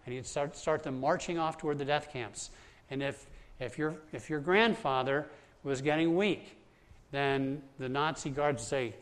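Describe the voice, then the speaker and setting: Earnest guy preaching to his church, slightly high voice, restarts words a lot. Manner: earnest, repeats words as he builds points. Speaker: pastor. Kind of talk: sermon. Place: church hall with congregation.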